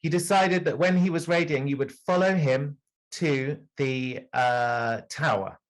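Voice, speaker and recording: A man's voice: medium pitch, measured pace. A man improvising as a detective, laying out a murder accusation in a rambling way with many fillers. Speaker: improv performer playing a detective. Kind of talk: improvised theatre narration.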